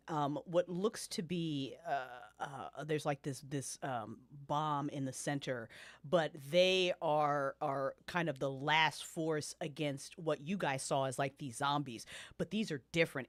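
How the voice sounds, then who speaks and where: A woman's voice: low-pitched, no echo. A woman narrating as game master of a tabletop game, in a casual, profane, rambling way.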